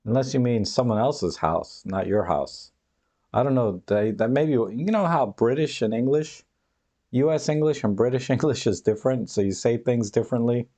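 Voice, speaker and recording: Chatty man with a mellow voice. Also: mid-range voice, lively intonation, moderate pace. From United States. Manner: rambling, chatty, laughs often. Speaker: live stream host. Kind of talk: casual chat reading viewer comments. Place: home, dog nearby.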